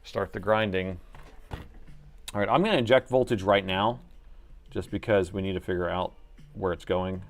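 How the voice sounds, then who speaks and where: Male repair streamer, lower register, relaxed commentary that drifts between mumbling and addressing viewers. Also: moderate pace, pauses often. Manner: muttering to himself, then chatty to viewers. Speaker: livestream repair host. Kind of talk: casual live commentary while repairing.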